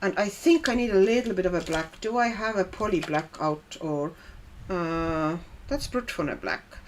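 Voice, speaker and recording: A woman's voice: on the low side, measured pace, a little hiss or hum. A woman whose first language is not English chats her way through a coloring livestream. Her talk is easygoing and friendly. She reads viewer comments aloud, often with a laugh. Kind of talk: casual livestream chat while coloring.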